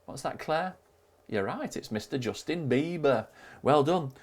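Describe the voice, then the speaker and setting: A man's voice: a little high, animated, measured pace. A man hosting a live online quiz, cheerily reading out scores and joking with players. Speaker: quiz host. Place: home live stream.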